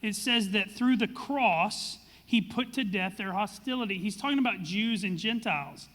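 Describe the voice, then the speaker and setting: A man's voice: high-pitched, moderate pace, a bit bright, in a large hall. A man, a pastor, preaching and then leading a panel discussion in an earnest, conversational way. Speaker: pastor hosting a church discussion. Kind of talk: sermon and moderated panel.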